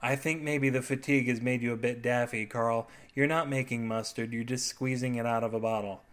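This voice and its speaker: A man voicing a tired, patient middle-aged wife who speaks softly and dryly in an audio fiction reading. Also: medium pitch, fairly even intonation, a little fast, lightly acted. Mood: weary.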